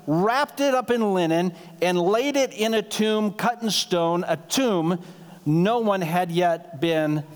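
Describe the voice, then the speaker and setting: A man preaching as pastor, in a conversational sermon style that slips briefly into acted-out dialogue. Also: high-pitched. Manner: conversational, acts out quick dialogue lines. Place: church sanctuary. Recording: long hall reverb.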